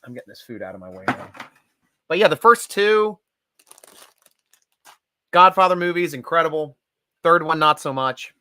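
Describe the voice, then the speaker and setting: A middle-aged man hosting a casual live-stream chat, animated and chatty and quick to laugh. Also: a little high, no room sound. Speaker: host.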